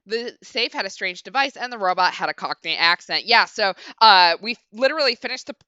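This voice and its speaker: A young woman chatting through a game stream in a bright, crisp voice, casual and a little sweary. The mic sounds dry and somewhat dull, with faint game music behind her. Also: medium pitch, expressive, a little fast, no echo. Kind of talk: casual let's-play commentary.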